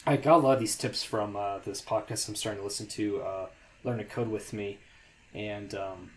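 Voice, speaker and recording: A man's voice: lowish voice, steady tone, moderate pace, slight background noise. A young man co-hosting a casual podcast, talking in a loose, hesitant way with lots of fillers and restarts. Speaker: podcast co-host.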